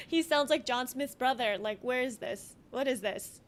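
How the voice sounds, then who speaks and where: A woman's voice: high-pitched, lively intonation, measured pace. An American woman streaming a game, chatting casually and giggling often between remarks. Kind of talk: casual chat while gaming.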